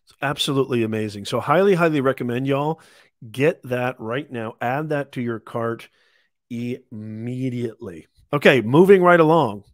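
A man hosts a live deal stream, pitching products in a hyped, salesy way. His voice sits at an average pitch and is recorded dry and close. He keeps urging listeners to buy right away. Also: moderate pace, dry recording. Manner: hyped salesy, repeats calls to add to cart. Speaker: host of live shopping stream.

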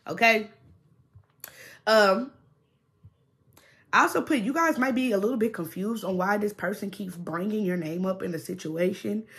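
A woman's voice: mid-range voice, normal speed, long pauses, fairly bright tone. A young adult woman doing a casual tarot reading to her viewers, blunt and full of swearing, who keeps checking in with "okay?". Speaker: tarot reader.

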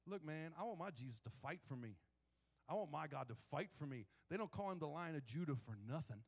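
A man delivers a sermon as pastor, spinning funny stories with animated energy. His voice sits a little higher than most men's. Long reverb from a church sanctuary trails each phrase. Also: a little fast, vocal fry. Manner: animated, joking storyteller.

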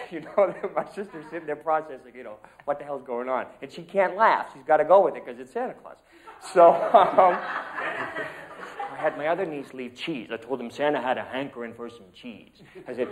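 A man's voice: fairly high pitch, animated, fairly quick. Chatty man telling a family story. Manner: rambling, chatty, with fillers. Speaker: acting student. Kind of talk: telling a personal story in class.

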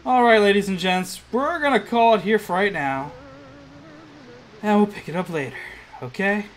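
The let's play host here has a high voice and a moderate pace, and he grows frustrated as he keeps failing, groaning and muttering at the game. The recording is rough.

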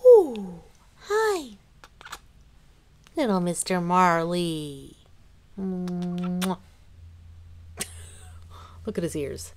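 A woman's voice: lowish voice, sing-song, extremely slow, long pauses, a little mellow, slight background noise. A woman vlogging casually at home, chatting through a product unboxing and cooing at her cats in baby talk. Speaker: beauty vlogger.

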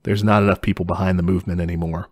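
A man's voice: low voice, little pitch movement, very fast, darkish tone. A man co-hosting a casual podcast, telling history in a laid-back way with chuckles and casual swearing. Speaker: podcast co-host explaining history.

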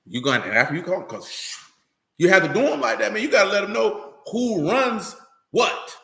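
Man preacher, high and bright, loose street-style delivery, echoey hall. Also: normal speed, gravelly. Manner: loose, street-talking, animated, repeats "you know what I'm talking about". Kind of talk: animated sermon.

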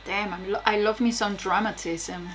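A woman's voice: mid-range voice, steady tone, moderate pace, soft background music. A young woman casually reacting aloud to a TV episode, exclaiming, swearing and laughing between remarks. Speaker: reaction video host.

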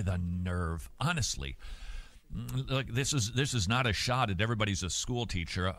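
Man, Christian talk host, opinionated commentary, sharp bright voice, sarcastic asides. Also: fairly low pitch, no echo. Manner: animated, sarcastic, jokey asides. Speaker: radio host.

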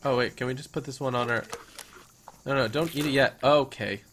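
A young man gives playful, hammy commentary over his game in an ordinary mid-pitched voice. He jokes with the creatures on screen in mock-grand lines. Now and then he breaks into loud excited shouts. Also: a little fast, a little hiss or hum. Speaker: gaming YouTuber. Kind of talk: let's-play commentary.

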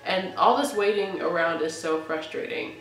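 A woman's voice: fairly low pitch, moderate pace. Chatty woman vlogging in a roomy space. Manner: animated, chatty, lots of "like". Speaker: YouTuber reacting to a story app. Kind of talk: casual reaction vlog, reading texts aloud. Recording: roomy sound from a distant mic with faint music.

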